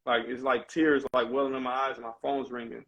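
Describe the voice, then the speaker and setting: A man's voice: mid-range voice, little pitch movement, a little fast, creaky, fairly bright tone, lo-fi sound. A man, a basketball coach and former player, telling his story candidly and animatedly as a podcast guest, with casual slang. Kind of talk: conversational storytelling in a podcast interview.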